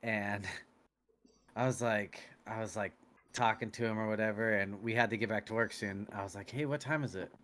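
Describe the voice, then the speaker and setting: A man's voice: fairly low pitch, level tone, moderate pace, a bit bright, slight background noise. A man co-hosting a casual podcast, telling a story in a loose, rambling way, swearing freely and filling with "like" and "you know". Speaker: podcast co-host.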